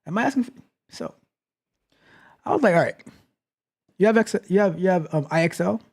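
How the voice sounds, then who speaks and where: Streamer host, male, slightly high voice with a lively, swinging delivery, repeats himself. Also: normal speed, gravelly. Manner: animated storytelling, repeats phrases. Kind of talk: casual livestream talk.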